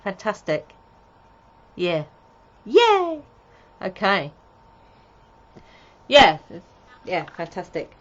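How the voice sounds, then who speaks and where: A woman's voice: medium pitch, huge pitch swings, extremely slow, long pauses, dull audio. A woman co-hosting a casual live stream, chatty and giggly, joking playfully. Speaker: co-host.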